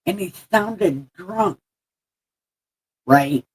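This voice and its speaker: Sore-mouthed after having teeth pulled, a woman live-streams casual chat in a slurred, lisping voice, rambling, swearing freely and laughing at herself. Her voice leans low with lively intonation, a very slow pace and a darkish, husky tone, on a rough recording.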